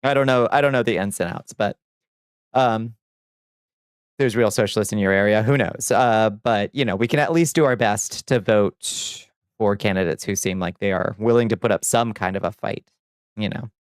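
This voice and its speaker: A man's voice: on the low side, normal speed, clear, resonant tone, no room sound. A man chatting on a casual livestream, reading chat aloud and answering in a chatty, sardonic way, on a close desk mic. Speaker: streamer.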